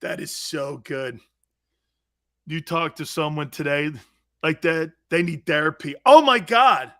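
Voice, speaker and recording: A man hosting a sports talk show, ranting loudly with frequent laughter, shouts and mocking asides. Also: a little high, unhurried. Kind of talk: energetic sports talk rant.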